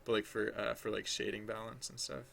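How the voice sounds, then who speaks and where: A man's voice: on the low side, flat delivery, a little fast, vocal fry, sharp tone, a little hiss or hum. A man thinking aloud as he draws on a livestream, rambling and hesitant, full of restarts, chatting with viewers. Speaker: livestreaming digital artist.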